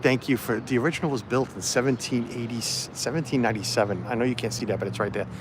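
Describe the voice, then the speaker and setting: A male livestream vlogger talks fast at medium pitch as he walks an outdoor festival site holding his phone camera, the background noisy. His chat is casual and rambling, packed with fillers.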